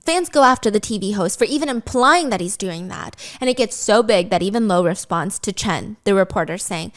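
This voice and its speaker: A woman's voice: mid-range voice, expressive, brisk, few pauses. A woman host telling a true crime story in a playful, chatty way, with giggly asides.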